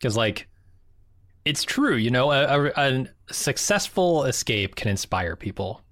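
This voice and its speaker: A man's voice: mid-range voice, big pitch swings, a little slow, fairly bright tone, dry recording, studio quality. A man co-hosting a podcast in casual chat, wry and joking. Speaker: podcast co-host.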